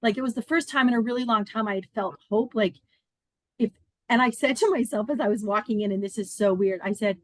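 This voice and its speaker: A woman's voice: medium pitch, brisk, dry recording. Earnest chatty woman telling her story. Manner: animated, earnest, chatty with many fillers. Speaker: podcast guest. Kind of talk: personal storytelling in conversation.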